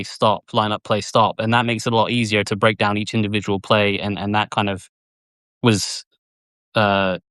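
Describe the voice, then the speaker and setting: A man appearing as a guest analyst in casual sports chat, explaining things in a measured, thoughtful way with frequent fillers. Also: lowish voice, a bit bright, smooth, no echo.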